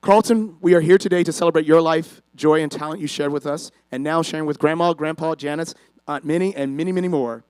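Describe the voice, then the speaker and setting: A man's voice: a little high, brisk, darkish tone, smooth, no room sound, rough recording. A man, the brother of the deceased, reading an earnest, emotional memorial tribute. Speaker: eulogy speaker, brother. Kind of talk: prepared memorial speech.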